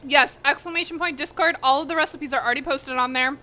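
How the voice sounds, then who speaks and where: A woman's voice: high-pitched, fairly even intonation, quick pace, sharp tone. A woman hosting a cooking live stream, chatting casually and bluntly with viewers while she eats, swearing freely and sometimes talking with her mouth full. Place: home kitchen.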